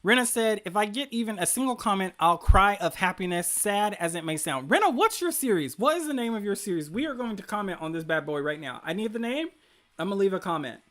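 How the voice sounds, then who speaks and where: A man's voice: high-pitched, lively intonation, a bit bright. Upbeat man hyping up his live chat. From rural area. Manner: upbeat and hyping, fast with many fillers. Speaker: livestream host reading chat comments. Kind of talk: casual live-stream chat.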